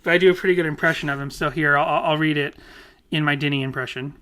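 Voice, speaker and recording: A man's voice: on the high side, fairly even intonation, fast talker, bright, forceful tone, clean tone. A man co-hosting a casual podcast, playful and chuckling between phrases. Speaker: podcast co-host.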